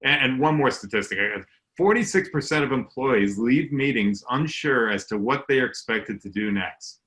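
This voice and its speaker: A man's voice: medium pitch, expressive, normal speed, fairly bright tone. A man hosting a casual panel discussion over a video call, chatty and reading out statistics from his notes. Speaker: panel host.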